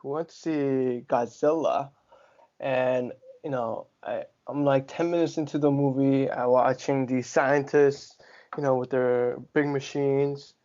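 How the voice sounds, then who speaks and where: A man's voice: mid-range voice, steady tone, unhurried, a little mellow. A man on a podcast telling a story in casual chat, laughing often. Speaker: podcast co-host. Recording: dull lo-fi sound.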